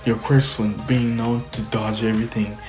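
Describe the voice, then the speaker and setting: A man's voice: mid-range voice, flat delivery, moderate pace, a little mellow, soft background music, close to an everyday voice. A man voicing an old male hero mentor who is blunt and mocking.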